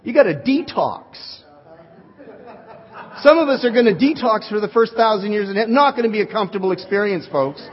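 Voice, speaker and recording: A male pastor preaching an animated sermon, joking with his congregation. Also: high-pitched, a little fast, a faint crowd. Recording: dull recording in a reverberant hall.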